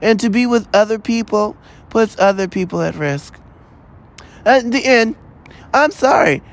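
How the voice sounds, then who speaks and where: A man's voice: sits high, measured pace. A man hosting a solo podcast, talking in a loose, profane, exasperated rant full of asides. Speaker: podcast host. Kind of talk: rambling solo podcast monologue.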